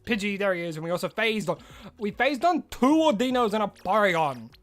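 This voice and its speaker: A man's voice: high-pitched, big pitch swings, brisk, soft background music. A man streaming a video game in casual live-stream chat, rambling and exclaiming to himself as he plays.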